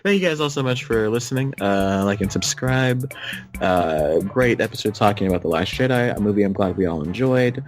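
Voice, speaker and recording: A man's voice: lowish voice, animated, normal speed, soft background music. A man hosting a casual podcast chat, confident and joking, often talking over the others. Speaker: podcast host.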